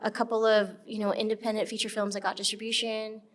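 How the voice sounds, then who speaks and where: A woman guest, an actress and filmmaker, chats casually and animatedly in an interview, laughing often and using lots of "like" and "um." Her voice is mid-range and quick.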